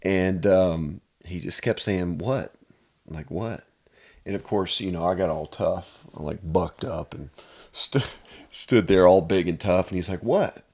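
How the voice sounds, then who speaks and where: A man's voice: sits low, fairly even intonation, a little slow, creaky, a little mellow. A man from Pennsylvania, a chiropractor guest, telling personal stories in an earnest, casual way. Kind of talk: casual storytelling.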